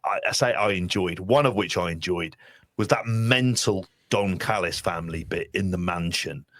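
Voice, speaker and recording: A man co-hosting a podcast, talking in a sardonic, sweary, bantering way. His voice sits on the low side, recorded dry and close with no room sound. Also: normal speed, a bit bright, no echo. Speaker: podcast co-host. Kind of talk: casual podcast chat.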